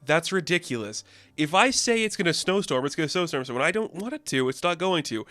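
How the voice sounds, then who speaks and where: A man's voice: on the high side, expressive, fairly quick, pushed and bright, voice pushed up. A man voicing a boastful male thunder god in an exaggerated, raised comic delivery while retelling a comic book. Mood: indignant.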